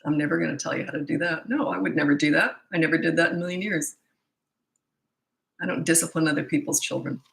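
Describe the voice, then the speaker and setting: A woman's voice: deep voice, quick pace, creaky, fairly bright tone, roomy sound, rough recording. A middle-aged woman, a parenting coach answering viewer questions live, blunt and incredulous, often laughing and mocking the questions.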